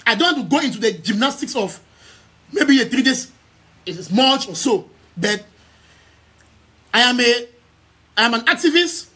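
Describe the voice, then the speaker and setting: Live-streaming to his followers, this young activist and news outlet head from Southern Cameroons has a Cameroonian English accent and a very high-pitched, husky voice with big pitch swings. His delivery is pushed and bright at a moderate pace with long pauses, and he is emphatic, repeating key phrases and restarting his words in frequent stammers.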